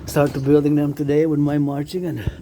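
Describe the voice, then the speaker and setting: A man's voice: on the high side, flat delivery, background noise. Rambling man chanting marching cadences. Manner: rambling, repetitive, chants slow drawn-out cadence calls. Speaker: vlogger.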